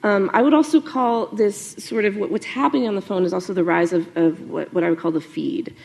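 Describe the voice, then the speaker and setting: A woman journalist talks to a live audience about how news grabs attention. She is animated and chatty, with fillers and asides. Her mid-pitched voice has a gravelly fry at the ends of phrases. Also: brisk. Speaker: journalist giving a talk. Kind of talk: conference talk to an audience.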